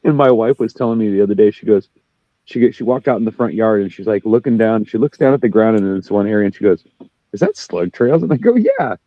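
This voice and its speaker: Fast-talking, foul-mouthed man on a dull lo-fi call line, dry sound; casual podcast co-host. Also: animated, no room sound. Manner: profane, ranting, quick, jumps up in pitch when worked up. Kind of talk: casual chat.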